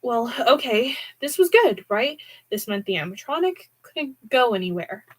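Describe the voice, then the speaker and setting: A woman voicing a frightened young male night guard who speaks slowly and nervously. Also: very high voice, big pitch swings, pitched above the performer's own voice, heavily acted.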